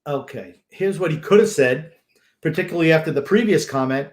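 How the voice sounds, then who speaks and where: A man co-hosting a sports podcast, gruff and sarcastic in casual chat. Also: on the high side, animated, a little fast, echoey room. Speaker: podcast co-host.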